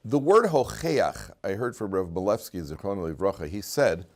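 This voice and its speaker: Rabbi teaching a live class: a man with a lowish voice, casual and wry, full of stories and asides. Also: very animated, moderate pace, a little mellow. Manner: informal and joking, with frequent restarts. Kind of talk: conversational Torah lecture with stories.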